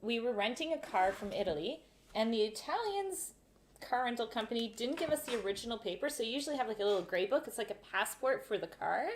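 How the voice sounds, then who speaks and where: Woman host, casual live-stream storyteller, animated, slightly high voice. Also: quick pace. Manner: animated, acts out voices in stories. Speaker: travel vlogger, live Q&A host.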